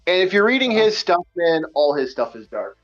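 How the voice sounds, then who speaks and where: A man hosting a casual online book-review chat, emphatic and animated, repeating himself often. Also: high-pitched, normal speed, lo-fi sound, soft background music. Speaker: podcast host.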